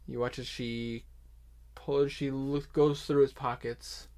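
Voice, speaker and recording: A man's voice: medium pitch, level tone, darkish tone. A man narrating as dungeon master in an online tabletop game, taking his time and often restarting his sentences. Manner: unhurried narration with many restarts and asides.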